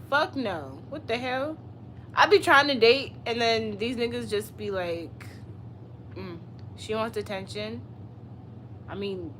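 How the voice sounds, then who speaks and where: A woman's voice: medium pitch, a bit bright, a little hiss or hum. A woman in her twenties chatting casually on a live stream, answering viewers with blunt, profane, sassy comebacks. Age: 20s. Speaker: livestreamer.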